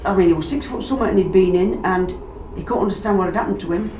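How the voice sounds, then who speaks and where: A woman's medium-pitched voice moves fast as she relates strange happenings in a house in a casual, animated way, acting out the voices of people she quotes with dialect grammar. The mic is distant, the room echoey, and there's background noise.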